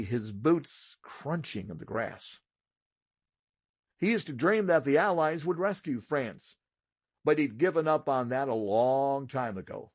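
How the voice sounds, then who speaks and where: Husky man reading an audiobook aloud. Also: mid-range voice, no room sound. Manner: steady, expressive read-aloud storytelling. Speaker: audiobook narrator. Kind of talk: scripted narration.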